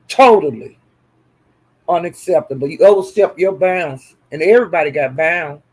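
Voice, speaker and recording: High-pitched profane man ranting casually. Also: moderate pace, slightly rough. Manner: animated, profane, repeats phrases for emphasis. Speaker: online commentator. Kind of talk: casual livestream commentary.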